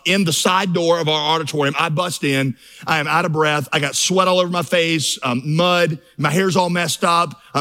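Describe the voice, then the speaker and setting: A middle-aged man delivers a sermon as pastor, with a voice that sits a little high. He tells stories in a relaxed way and then climbs into fervent, rising lists. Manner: storytelling, building to fervent crescendos.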